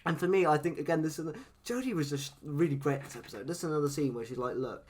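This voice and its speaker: A man's voice: on the high side, darkish tone. A young man co-hosting a podcast, recapping the story in casual chat. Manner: quick recap, full of fillers and restarts. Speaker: podcast co-host.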